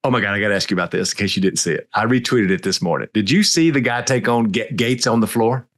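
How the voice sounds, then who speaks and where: A man's voice: on the low side, quick pace, fairly bright tone. A man, co-hosting a political podcast in a folksy, joking way. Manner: folksy and joking, wraps up the show. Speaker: podcast co-host. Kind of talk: casual political chat.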